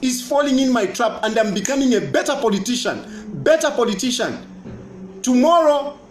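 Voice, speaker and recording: A man's voice: extremely high pitch, sing-song, moderate pace, a little hiss or hum. A politician with a Zambian accent talking to camera, boastful and mocking, repeating his points. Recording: roomy echo.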